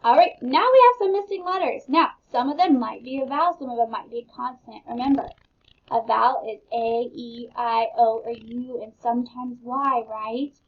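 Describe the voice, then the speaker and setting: A woman's voice: on the high side, normal speed, slightly rough. A woman teaching a phonics lesson to young children, patient and encouraging, spelling words out letter by letter. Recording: dull lo-fi sound.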